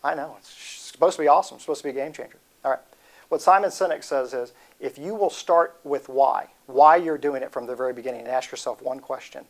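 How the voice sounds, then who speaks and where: Man, 40s, motivational speaker; a touch high-pitched, jokey, keeps cutting himself off mid-story. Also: moderate pace. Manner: rambling, self-interrupting storytelling. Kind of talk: humorous motivational talk.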